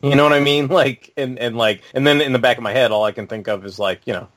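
A man co-hosting a fan podcast, talking casually with halting restarts and swearing. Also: medium pitch, fairly even intonation, a bit bright. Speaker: podcast co-host. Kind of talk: casual chat.

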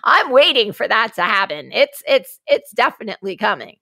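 A woman's voice: fairly high pitch, normal speed, dry recording. A woman co-hosting a casual livestream chat, telling stories with lots of laughter and acting out what people said. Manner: animated storytelling, frequent laughter, acts out quoted dialogue. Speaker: co-host.

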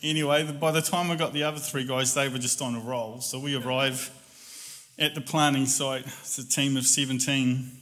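A man telling a personal story in a casual, animated way, laughing often and acting out voices. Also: mid-range voice, normal speed.

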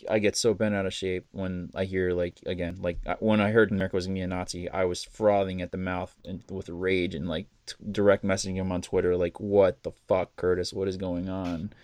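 A low-pitched man hosts a casual podcast, telling stories with lively acted-out quotes and frequent laughs. His voice is deep and the sound is dry and close, with no room around it. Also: fast, hardly any pauses, no room sound. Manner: animated storyteller, acts out quotes, laughs often, swears. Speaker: podcast host. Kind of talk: casual chat.

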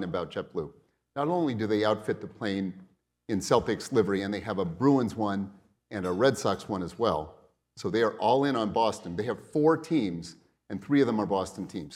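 Low-voiced man hosting an onstage interview. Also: a little mellow. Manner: rambling, full of restarts and asides. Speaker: interviewer at a business luncheon.

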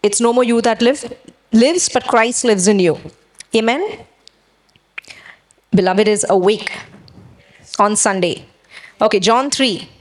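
A woman pastor preaching a sermon, exhorting her church and drawing responses with quick questions. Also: fairly high pitch.

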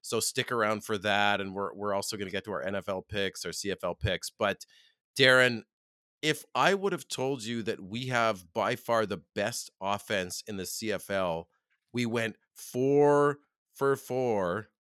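A Canadian man co-hosting a casual sports chat show, animated and quick to laugh as he talks football. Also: on the low side, clean tone, no echo, studio quality. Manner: excitable, animated, laughs often. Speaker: podcast co-host.

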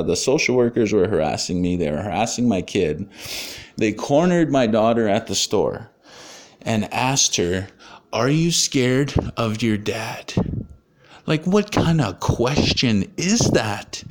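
A man telling a personal story casually, with many fillers and frequent swearing. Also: lowish voice.

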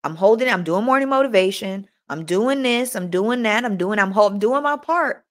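A young woman hosting a motivational live chat, animated and talking straight to her listeners, often repeating herself. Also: medium pitch, moderate pace. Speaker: host.

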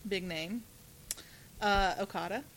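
A woman's voice: mid-range voice, takes it slowly, fairly bright tone, slight background noise, low-quality recording. A young woman with a slight lisp, co-hosting a casual podcast chat and talking with lots of "like" fillers. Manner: chatty, many "like" fillers, laughs often. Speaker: podcast co-host.

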